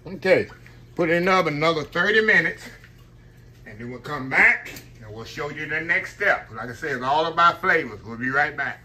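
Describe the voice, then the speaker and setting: A man's voice: a little high, lively intonation, fairly quick, sharp tone. A man hosting a casual home cooking demonstration, chatty and folksy, calling his viewers y'all. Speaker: home cooking channel host. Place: home kitchen.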